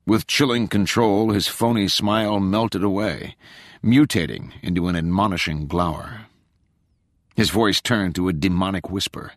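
A man narrating a thriller audiobook in a dramatic, expressive storytelling style. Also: deep voice, moderate pace, dry recording, studio quality. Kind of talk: scripted narration.

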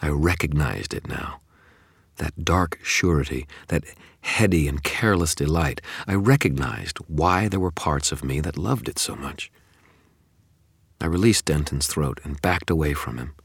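A man's voice: very deep voice, a little slow, creaky, husky, no echo, studio quality. A man narrating a first-person audiobook with an intense, brooding delivery.

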